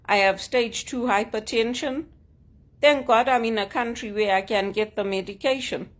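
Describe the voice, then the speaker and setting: A woman's voice: fairly high pitch, moderate pace. A woman vlogging at home, talking frankly and with grievance in short emphatic statements. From Zimbabwe. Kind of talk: personal vlog monologue. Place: at home, sitting on a couch.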